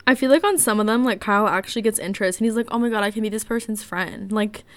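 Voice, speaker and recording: A young woman in casual chat, reading dating-app messages aloud with animated, giggly storytelling. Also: mid-range voice, quick pace, no echo.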